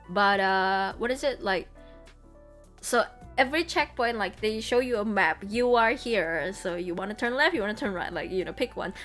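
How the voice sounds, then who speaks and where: A woman's voice: medium pitch, fairly bright tone. A woman streamer chatting casually over trip photos, giggly and full of fillers. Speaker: vtuber streamer.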